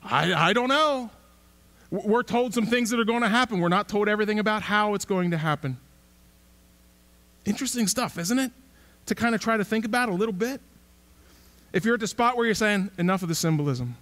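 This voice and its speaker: A man's voice: sits high, brisk, long pauses, fairly bright tone. A male pastor giving a conversational sermon, asking rhetorical questions and repeating himself for emphasis. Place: church sanctuary.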